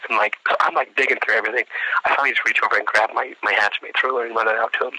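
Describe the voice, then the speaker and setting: Bright-voiced young man telling a story. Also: mid-range voice, rapid-fire, husky, no echo, poor audio. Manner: animated, with restarts and quoted voices. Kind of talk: casual anecdote.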